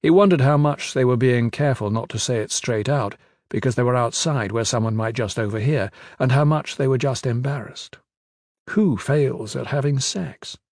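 A man narrating a fantasy novel in a measured, even storytelling manner into a close studio mic. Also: mid-range voice, no room sound. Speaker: audiobook narrator.

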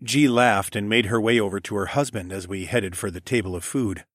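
A man reading a first-person novel aloud in a calm, even storytelling manner. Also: fairly low pitch, brisk, no echo, clean studio sound. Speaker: audiobook narrator. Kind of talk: first-person scripted narration.

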